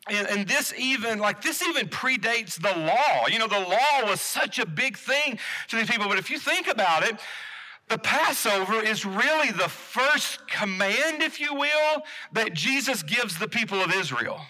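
A young man preaches a sermon in a loose, chatty way, often stopping to ask the congregation questions and restarting his sentences. His voice sits high for a man. It has a very bright, sharp edge. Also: animated, normal speed. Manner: casual, asks the congregation questions, many restarts. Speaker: pastor. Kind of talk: conversational sermon.

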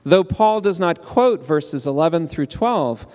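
A man's voice: fairly high pitch, animated, measured pace, darkish tone. A man presenting an academic paper as a lecture, reading steadily and turning to rhetorical questions and call-and-response with the audience. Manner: rhetorical questions with rising emphasis. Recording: long hall reverb.

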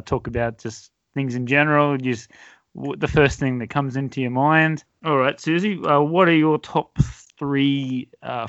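A man's voice: mid-range voice, fairly bright tone, no room sound. A man hosts an interview, asking questions loosely with small hesitations and a teasing edge. His voice is dry, with no room sound. The audio is slightly dull. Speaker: podcast host. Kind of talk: casual interview.

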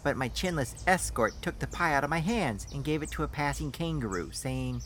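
A man's voice: fairly high pitch, animated, brisk, heavy background noise. A man narrating a story in the first person in a dry storytelling manner. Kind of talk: scripted audiobook narration.

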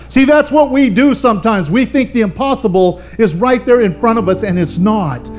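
A man's voice: high-pitched, expressive, normal speed, hardly any pauses, darkish tone, soft background music. An older man, a pastor, preaching a fervent sermon and calling on the congregation for amens. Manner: fervent preaching with call-and-response.

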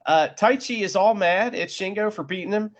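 A man's voice: high voice, normal speed. A man co-hosting a casual wrestling podcast, chatty and recapping matches with acted-out asides. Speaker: podcast co-host.

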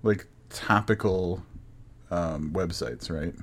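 Male podcast co-host, lowish voice, laid-back and foul-mouthed. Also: takes it slowly, husky. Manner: casual, profane, chatty. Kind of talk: casual podcast chat.

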